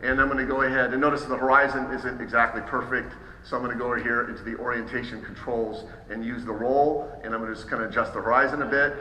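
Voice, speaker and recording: A man giving a casual, upbeat live software demo to an audience, with many fillers and restarts. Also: medium pitch, steady tone, fast, few pauses, slight background noise. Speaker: software trainer presenting at a trade show. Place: large hall. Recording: roomy hall echo, faint ambience.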